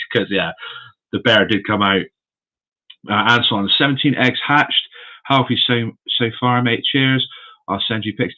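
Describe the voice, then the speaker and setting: Medium-pitched and unhurried, with a pushed, bright tone, a man hosts a casual live stream from his room full of animal enclosures. He's chatty and friendly, calling viewers mate and buddy, over dull lo-fi stream audio.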